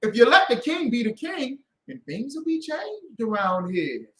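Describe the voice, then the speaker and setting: A man preaching a heated, mocking street sermon, acting out voices and bursting into shouts. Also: extremely high pitch, sing-song, a little slow, roomy sound, low-quality recording.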